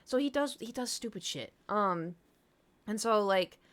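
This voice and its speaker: A woman's voice: mid-range voice, lively intonation, a little slow. Chatty woman streamer telling a rambling story. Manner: rambling, filler-heavy, candid and profane. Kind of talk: casual storytelling to chat.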